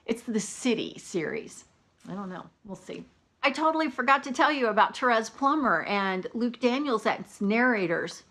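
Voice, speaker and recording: A woman's voice: a little high, expressive, normal speed, a bit bright. Chatty woman, book vlogger, exclamatory and easily amused. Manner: chatty and exclamatory, laughs often. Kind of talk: casual chat.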